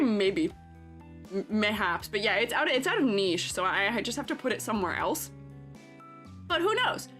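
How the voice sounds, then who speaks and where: Giggling often and leaning on lots of fillers, a woman rambles through casual chat on her live stream, where she's both streamer and art teacher. She has a mid-range voice that sounds fairly bright.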